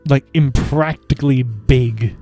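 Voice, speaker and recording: Slow, mellow-voiced game streamer. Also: male voice, mid-range voice, faint music behind. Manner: wry, amused, chuckles often. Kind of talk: casual gameplay commentary.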